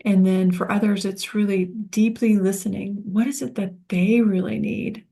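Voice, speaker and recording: A woman leading a spiritual self-help class, speaking in a gentle, soothing, reflective way. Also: mid-range voice, fairly even intonation, moderate pace, gravelly. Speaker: course facilitator.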